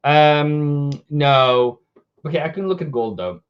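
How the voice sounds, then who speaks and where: A man's voice: on the high side, takes it slowly, clear, resonant tone. A man hosting a live forex trading stream, talking casually through charts, often cutting himself off and greeting viewers. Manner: chatty, self-interrupting, reads viewer comments aloud. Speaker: forex trading livestream host. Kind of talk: live market analysis chat. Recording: slightly dull lo-fi stream audio.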